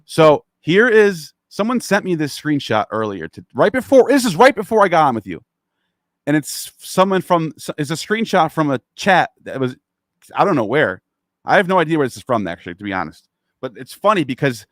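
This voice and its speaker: A man's voice: on the high side, sing-song, a little fast, no echo, clean studio sound. A man hosting a casual online discussion, talking in a rambling, profane and heated way. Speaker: podcast host.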